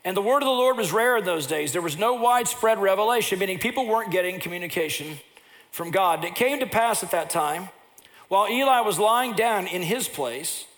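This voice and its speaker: A pastor preaching a sermon, telling personal stories, and at times rising into loud impassioned preaching. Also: male voice, high-pitched, animated, fairly quick.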